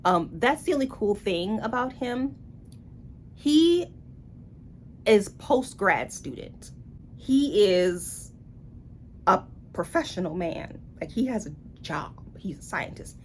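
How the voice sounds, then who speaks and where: A woman's voice: mid-range voice, very animated, slow pace, pauses often, darkish tone, slight background noise. A woman giving a casual book review in a blunt, sarcastic way.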